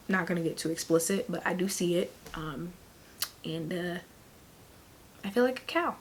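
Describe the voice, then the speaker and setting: A heavily pregnant woman chats loosely to her camera, a little out of breath, with a fairly low voice. She rambles through fillers and slips into a soft, breathy near-whisper, over a faint rumble behind her. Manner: chatty and rambling, many fillers, laughs often. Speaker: vlogger. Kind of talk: casual chat to camera.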